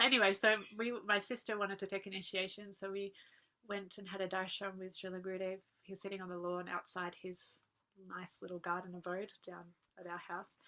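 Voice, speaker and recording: A woman, earnestly recalling personal memories as a guest speaker, laughing softly now and then. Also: mid-range voice. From Australia. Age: 40s. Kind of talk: personal reminiscence talk.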